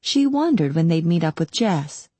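A woman narrating an audiobook in a calm, steady storytelling manner. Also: on the low side, moderate pace, husky, no room sound. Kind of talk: scripted narration.

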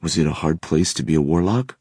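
A man reads as a reserved young man in a storybook, with dry, deadpan humor. The voice is very low and husky. It sounds dry and close. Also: a little fast, dry recording.

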